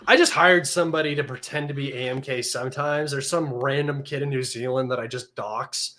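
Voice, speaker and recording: A man hosting a livestream, talking in a mocking, sarcastic and combative way, excitable and a little manic. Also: mid-range voice, a little fast. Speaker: livestream host. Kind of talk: casual livestream commentary.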